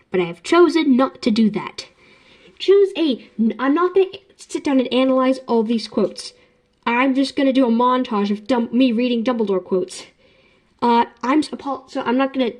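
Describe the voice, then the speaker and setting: A young woman vlogger talks casually about her favorite books. Her voice sits fairly high and swings widely in pitch. She rambles and often jokes at her own expense. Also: a little mellow. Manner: rambling, self-deprecating, jokey. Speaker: book vlogger. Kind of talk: casual chat.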